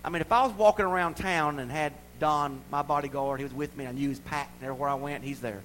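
Folksy preacher man, higher voice. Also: fast, a little hiss or hum, poor audio. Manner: folksy, playful preaching with acted-out voices and rising shouts. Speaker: pastor. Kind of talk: sermon.

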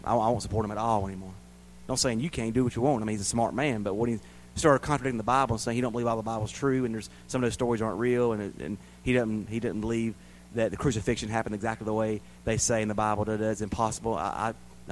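A man preaching a sermon as a pastor to his church, rising loud and high, then dropping quiet and low. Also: steady tone, fast talker, a little hiss or hum, low-quality recording.

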